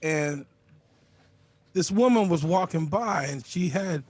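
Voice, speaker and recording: A man's voice: on the high side, lively intonation, slow, a little mellow, no room sound. A man doing a crude, brash stand-up set from home over a video call. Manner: crude, brash, swearing freely. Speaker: stand-up comic.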